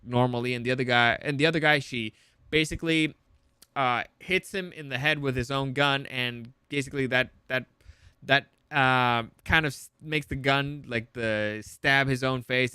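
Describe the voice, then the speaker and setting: A man's voice: mid-range voice, steady tone, moderate pace, bright, forceful tone, clear, resonant tone, no echo, studio quality. A man casually recapping a TV episode, rambling and profane, full of fillers and restarts. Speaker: TV show reviewer.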